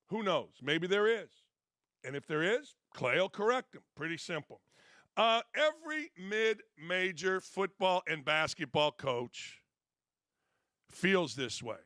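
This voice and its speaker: Blunt, bright-voiced male sports host. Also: high-pitched, no room sound, clean studio sound. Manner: blunt, emphatic, repeats points. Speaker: sports show host, former coach. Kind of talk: opinionated commentary.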